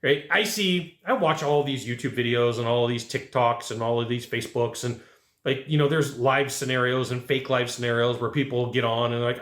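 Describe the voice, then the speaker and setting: A man teaching sales negotiation in a casual, animated way, acting out clients and asking rhetorical questions. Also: mid-range voice, normal speed, reverberant. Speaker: sales trainer. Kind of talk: casual sales training talk.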